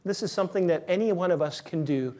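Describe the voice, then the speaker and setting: A man's voice: sits high, fast talker, a little mellow. A man preaching a sermon as pastor, conversational and emphatic, repeating key words for stress.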